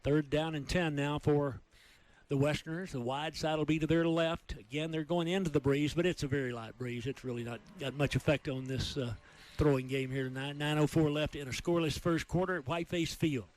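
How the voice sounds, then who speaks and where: Texan guy calling high school football, kinda high voice, fast excited play calls. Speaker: play-by-play announcer.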